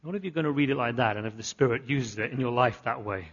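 Man, husky, slightly high voice, sermon, emphatic repetition, dull lo-fi recording. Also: quick pace, a bit bright. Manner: earnest, repetitive emphatic preaching with rising climaxes. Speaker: pastor.

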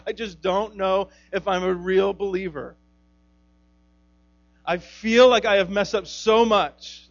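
A man in his thirties giving a casual youth sermon, rambling and joking with lots of fillers and asides. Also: high voice. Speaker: youth pastor. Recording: dull lo-fi recording.

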